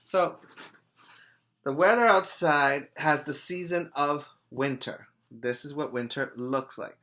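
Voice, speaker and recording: A man's voice: fairly high pitch, takes it slowly, pushed and bright. A man teaching preschoolers in a virtual lesson, coaxing them along in a sing-song call-and-response way.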